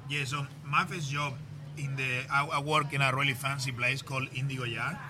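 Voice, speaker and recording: A man's voice: mid-range voice, little pitch movement, a little fast. A Spanish man whose English carries a Scottish accent, a chef guest chatting bluntly and jokily. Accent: Spanish-tinged Scottish English. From Spain. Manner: blunt, interrupting, joking. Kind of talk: casual chat. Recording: background noise.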